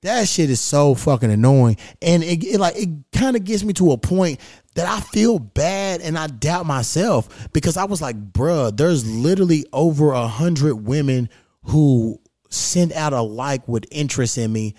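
A man with a slightly higher-than-usual voice rants bluntly and profanely as a podcast host. He sounds frustrated and unfiltered. The sound is dry and close, with no room echo. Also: lively intonation, moderate pace, a little mellow. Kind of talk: casual podcast rant. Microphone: stand microphone.

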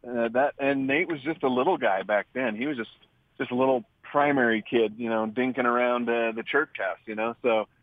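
A man's voice: mid-range voice, a little fast, no room sound. A man calling in as a radio guest, talking in a rambling way with many hesitations. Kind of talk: casual interview. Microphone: phone line. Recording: tinny phone line.

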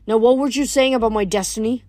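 A woman's voice: a little high, fairly even intonation, fast, darkish tone, dry recording, natural voice. A woman reading aloud, voicing a hurt, angry teenage boy who speaks bitterly with a raised voice.

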